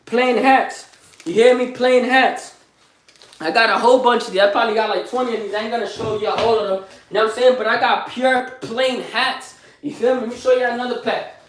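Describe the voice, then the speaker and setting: A young man with a strikingly high voice hypes himself up in a live motivational vlog, boasting in street slang. He repeats lines over and over and keeps asking his listeners questions. His voice rings in an echoey room. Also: fairly even intonation, quick pace, a little hiss or hum. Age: young adult. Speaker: motivational vlogger.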